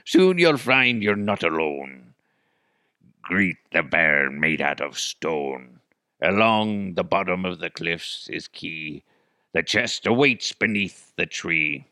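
A man voicing a gruff male pirate who reads a rhyme in a slow, drawn-out way, growling "arr" and "yar". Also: sits low, expressive, pushed and bright, no room sound, clean studio sound, heavily acted. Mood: hammy.

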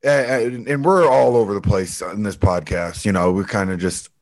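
Podcast co-host, man in his thirties, raspy and gravelly, joking and rambling. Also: on the low side, normal speed. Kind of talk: casual chat.

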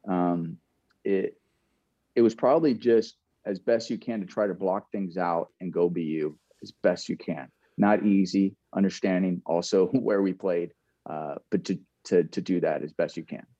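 A man with a low, mellow voice recalls old stories in a relaxed interview, laughing now and then and restarting his sentences. The recording is dull and lo-fi, with a dry, close sound. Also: normal speed, dry recording. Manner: reflective, laughs often, many restarts. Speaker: guest, former pro baseball player. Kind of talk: casual storytelling interview.

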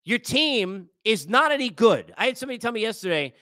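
A man rants through sports commentary in a high, sharp, forceful voice, lecturing his listeners with exasperation. The sound is dry and close, with no room around it. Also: very animated, brisk, no echo. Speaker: sports podcast host.

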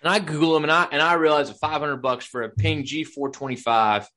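A man's voice: fairly high pitch, fairly even intonation, brisk, pushed and bright. A man telling a long, rambling story in casual podcast chat, acting out what people said. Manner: rambling storyteller, acts out quotes.

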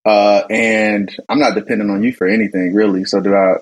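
A man talking as a podcast guest, telling relaxed stories full of restarts and laughs. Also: fairly low pitch, brisk, breathy edge, poor audio. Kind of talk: casual conversation.

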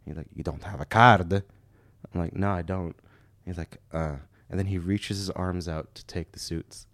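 A man's voice: deep voice, steady tone, moderate pace, a bit bright, dry recording, clean studio sound. A young man from Canada casually telling a story on a podcast, laughing as he acts out the other people's lines.

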